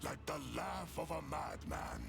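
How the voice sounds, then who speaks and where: A huge, scarred warrior in a video game, rumbling and gravelly, slow and grave. His pitch swings widely as he speaks. Clear music plays under the game audio. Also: wildly swooping pitch, full character voice. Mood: proud. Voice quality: deep rumbling voice. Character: huge scarred warrior prisoner, grim, proud singer.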